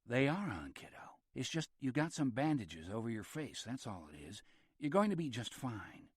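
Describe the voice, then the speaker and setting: A man voicing a gentle, joking older brother at a hospital bedside, speaking softly and tenderly. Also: mid-range voice, big pitch swings, moderate pace, husky, no room sound, studio quality. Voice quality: soft, tender.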